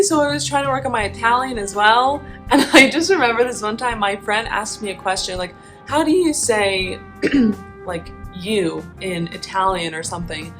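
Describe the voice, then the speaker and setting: A woman's voice: fairly high pitch, low-quality recording. A young adult woman, an opera singer, hosting a casual vlog and chatting in a rambling way with frequent laughs.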